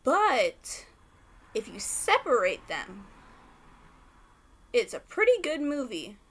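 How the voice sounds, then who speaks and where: A young woman rambling excitedly to camera about favorite books, swearing freely. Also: fairly high pitch, takes it slowly, slightly rough. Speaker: book vlogger. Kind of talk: casual rant to camera.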